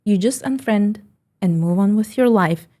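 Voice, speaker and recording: A woman entrepreneur talking on a podcast, telling animated stories bluntly and swearing freely. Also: medium pitch, normal speed. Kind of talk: casual podcast chat.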